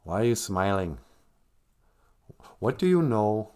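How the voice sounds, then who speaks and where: A man's voice: lowish voice, very animated, slow, dark tone, clean tone. Rambling joking man on a live stream. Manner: joking, wandering, laughs at his own jokes. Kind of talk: rambling comedic monologue.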